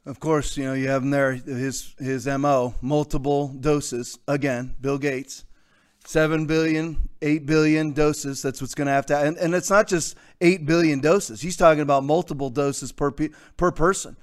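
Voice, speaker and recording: Male host with a high-pitched voice, combative and sarcastic, prone to loud outbursts. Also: steady tone, normal speed, clear, resonant tone. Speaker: talk show host. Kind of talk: opinionated commentary monologue.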